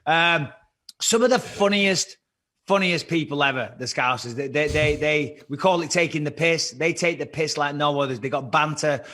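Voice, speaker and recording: A man's voice: a little high, normal speed, bright, forceful tone. A man with a Liverpool accent, a former fighter telling rambling, swear-filled stories as a podcast guest. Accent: British, Liverpool. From born in Cyprus on a British army base, raised in England. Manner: swears a lot, rambling storyteller. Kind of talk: casual podcast chat.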